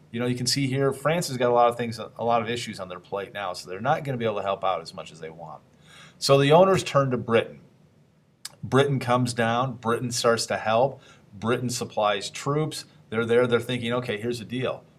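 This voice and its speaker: A man teaching a history lesson in a casual, conversational way, asking the class questions and briefly acting out historical figures. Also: mid-range voice.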